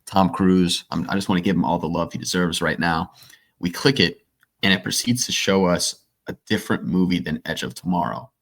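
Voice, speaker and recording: Deep-voiced dude on a movie podcast, telling a story all animated. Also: male voice, a little fast. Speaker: podcast co-host. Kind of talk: casual storytelling chat.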